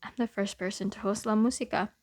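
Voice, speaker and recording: A woman's voice: mid-range voice, fairly even intonation, fast talker, darkish tone. A young woman casually talking through her year in a vlog, chatty and self-deprecating, often laughing at herself. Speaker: vlogger.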